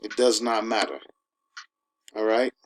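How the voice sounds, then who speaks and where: A man giving an informal sermon, emphatic and conversational, who keeps asking his listeners "all right?" and slows down to read scripture. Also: on the low side, fairly even intonation, a little hiss or hum, poor audio. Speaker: preacher.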